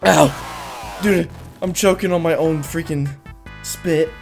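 A woman giving excitable gameplay commentary as host of a gaming video, often yelping and shouting at in-game sounds. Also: low voice, slow pace, creaky, pauses often, faint music behind. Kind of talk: excitable let's-play commentary.

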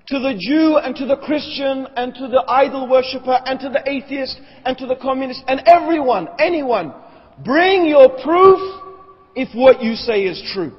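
A man's voice: very high-pitched, normal speed, slightly rough. A man giving a religious lecture, arguing emphatically point by point and asking the audience rhetorical questions. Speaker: Islamic lecturer. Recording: echoey hall, dull lo-fi sound.

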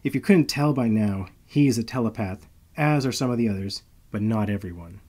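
A man narrating a first-person story in a steady, measured reading voice. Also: on the low side.

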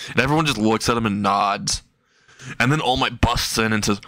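A man's voice: mid-range voice, normal speed, bright, forceful tone, no echo. Man for a loose, rambling comic fan story read, dry and close. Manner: rambling, laughs at his own jokes. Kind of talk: casual comedic storytelling.

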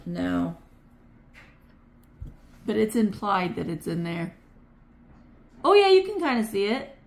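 A woman's voice: medium pitch, very animated, takes it slowly, creaky, darkish tone. A woman hosting a casual vlog, chatting playfully and musing aloud as she goes. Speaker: vlog host. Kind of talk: casual chat. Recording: echoey room with some background noise.

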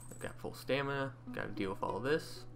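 A man's voice: mid-range voice, a little fast. A man hosting his own gaming channel, chatting casually and thinking aloud as he plays, with faint game music underneath. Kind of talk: casual gameplay commentary.

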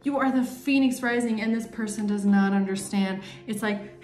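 A woman's voice: medium pitch, normal speed, few pauses, darkish tone. A woman doing a casual tarot reading, talking emphatically and acting out what other people think. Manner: chatty, emphatic, acts out imagined people's thoughts. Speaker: tarot reader. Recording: roomy echo with faint music.

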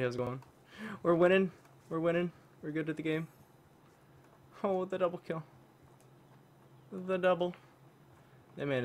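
A man casually commenting on his own online shooter match, excitable and trash-talking, dropping to mutters and jumping to yells. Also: medium pitch, slight background noise. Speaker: gaming YouTuber.

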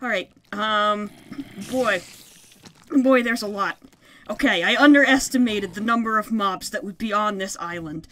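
A woman giving excitable, yelping play-by-play commentary on a survival game session, often laughing at her own bad plan. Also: medium pitch, unhurried. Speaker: gaming video creator. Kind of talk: Minecraft let's play commentary.

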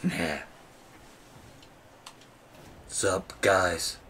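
A man voicing Batman while streaming a game, gruff, boastful and swearing. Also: deep voice, steady tone, extremely slow, bright, forceful tone, a little hiss or hum, full character voice. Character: gravelly growling male Batman, brooding and tough. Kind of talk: streaming gameplay in character.

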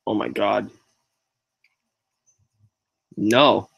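Gravelly, slow-talking male gameplay streamer. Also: lowish voice, steady tone, a bit bright. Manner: reactive, mutters exclamations and laughs at the game. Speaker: gameplay livestreamer. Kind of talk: casual gameplay commentary.

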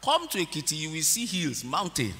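Male preacher, high lively voice, very bright tone, rousing call-and-response, long church reverb. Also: brisk. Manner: preaching with call-and-response, swelling into shouted prayer and speaking in tongues. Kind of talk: sermon. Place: large church hall.

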